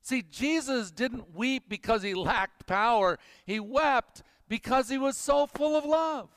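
Male pastor, high clear voice, emphatic preaching that sinks to a hush; church with long reverb. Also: slow, clean studio sound. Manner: emphatic, dropping to hushed intensity. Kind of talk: sermon.

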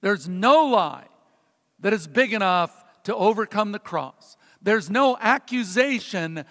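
A male pastor with a notably high voice delivers a sermon. He tells his story with flair, rising to loud punches and dropping to near-hushed lines. His voice rings out through the long reverb of a big church hall. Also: expressive, takes it slowly. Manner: dramatic storytelling, swings between loud emphasis and hushed tones.

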